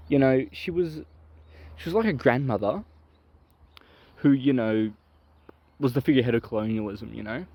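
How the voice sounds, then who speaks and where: A man voicing a male peanut butter podcast host who rambles in a halting, filler-heavy way in a comedy sketch. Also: medium pitch, darkish tone.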